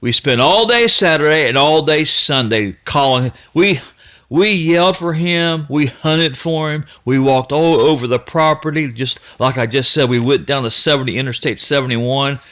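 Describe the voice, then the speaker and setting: This man's fairly high, slightly bright voice carries a rambling personal tale told by a channel host in his fifties. He hails from the Ohio-Kentucky region of the USA, and his delivery is folksy and nostalgic, full of stops and fresh starts.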